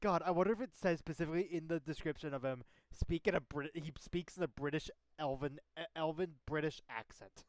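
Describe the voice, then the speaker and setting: Excitable man in a dry close recording. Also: fairly high pitch, fairly quick, few pauses, dry recording. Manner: excitable, laughs often. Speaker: player. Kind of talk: casual chat.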